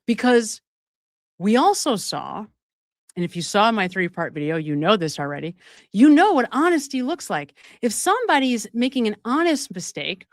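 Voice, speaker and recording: A woman's voice: mid-range voice, dry recording, clean studio sound. A woman hosting a true-crime commentary livestream, talking emphatically and often checking in with viewers through rhetorical questions. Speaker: show host.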